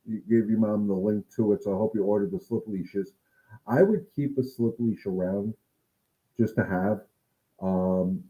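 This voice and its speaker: A man's voice: fairly low pitch, muffled recording. A man who trains dogs, talking casually to his viewers in a livestream Q&A, earnest and coaching. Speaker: dog trainer answering viewer questions.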